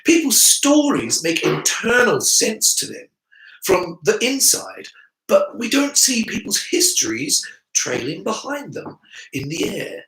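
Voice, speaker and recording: A man's voice: high-pitched, sing-song, takes it slowly, fairly bright tone, roomy sound, pitched above the performer's own voice, exaggerated voice, rough recording. A man voicing an earnest, analytical boy wizard who explains things in a lecturing way. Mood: explaining.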